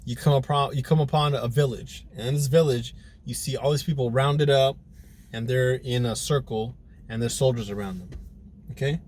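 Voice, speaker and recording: A man's voice: mid-range voice, normal speed, a little mellow, slight background noise. A man hosting a casual podcast, trading rambling stories and cusswords. He talks in a loose, easygoing way and breaks into laughter often. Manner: loose storyteller, swears a lot, laughs easily. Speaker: podcast co-host. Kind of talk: casual chat.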